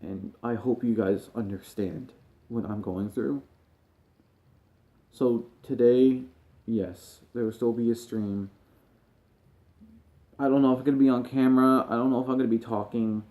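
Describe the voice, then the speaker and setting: A man, a gaming streamer, speaking to camera while grieving and near tears. He talks in a halting, emotional way and often trails off quietly. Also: medium pitch, steady tone. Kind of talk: personal talk to camera.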